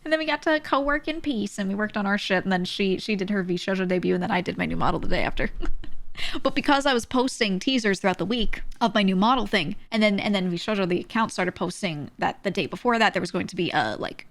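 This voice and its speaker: A woman's voice: mid-range voice, animated, fast talker. A woman VTuber streamer telling a story in a casual way, laughing often and swearing freely.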